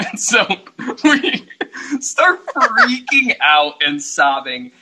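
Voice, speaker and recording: Young guy podcast cohost, husky and super bright voice, animated storyteller. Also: on the high side, slow pace, rough recording. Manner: storytelling, animated, laughs often. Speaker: podcast co-host. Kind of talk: casual chat.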